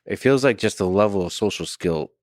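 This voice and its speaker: A man hosting a podcast interview, speaking in a measured, reflective way. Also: on the low side, lively intonation, no room sound, clean studio sound. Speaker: podcast host. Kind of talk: interview conversation.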